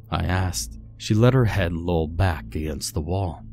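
Man, horror story narrator, measured and grim, very deep voice, soft background music.

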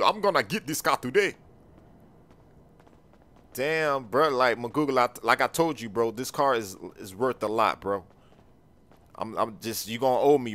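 Excitable slangy man in game roleplay. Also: mid-range voice. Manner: excitable, slangy, keeps saying bro. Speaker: game roleplayer as car buyer.

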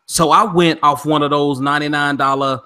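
A man's voice: fairly high pitch, fairly even intonation, a little fast, bright, forceful tone, clear, resonant tone. A middle-aged man hosting a podcast in casual chat, playful, steering the talk and reading out listener comments. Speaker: podcast host.

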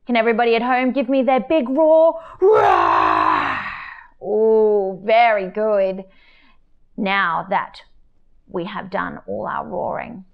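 A woman leading an online children's story time, reading aloud in a playful, animated way. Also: mid-range voice, muffled recording.

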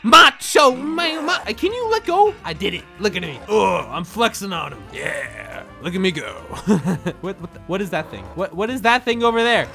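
An excitable gameplay commentator who jokes, laughs and often shouts while narrating a game. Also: medium pitch, moderate pace, faint music behind. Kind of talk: let's-play commentary.

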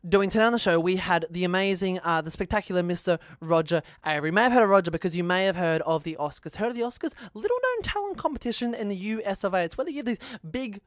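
A man's voice: sits high, expressive, quick pace, hardly any pauses, no echo, clean studio sound. A man hosting a podcast, introducing the episode in a playful, jokey way with rambling asides. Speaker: podcast host.

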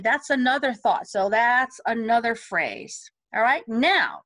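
A woman vocal coach patiently explaining song phrasing over a video call, speaking lyrics in a measured, instructive way. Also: mid-range voice, expressive, sharp tone, rough recording. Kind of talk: music lesson, talking through song phrasing. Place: home setup on a video call.

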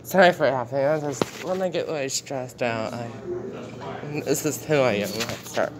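A man's voice: mid-range voice, normal speed, noisy background. A man giving casual commentary while reading news headlines aloud, exclaiming often and repeating himself in outrage. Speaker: commentary vlogger.

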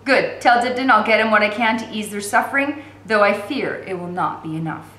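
A woman reading aloud, voicing a decent male army captain in an earnest, measured way. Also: mid-range voice, animated, bright, forceful tone, roomy sound.

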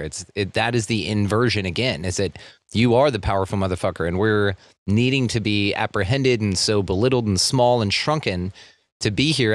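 A man's voice: on the low side, dry recording. A man hosting a podcast in casual chat, musing at length, with frequent swearing. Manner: reflective, profane, rambling. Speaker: podcast host.

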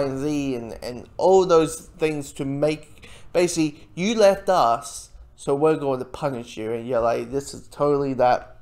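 Casual TV reviewer, mid-pitched, rambling and laughing through stop-start sentences. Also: darkish tone. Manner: rambling, many restarts, frequent laughs, swears. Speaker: TV episode reviewer.

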